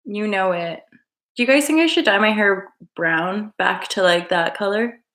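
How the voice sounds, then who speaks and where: A woman's voice: mid-range voice, expressive, normal speed, a bit bright, roomy sound. A woman hosting a casual live stream and chatting with her viewers in a rambling, playful, affectionate way. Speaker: livestream host.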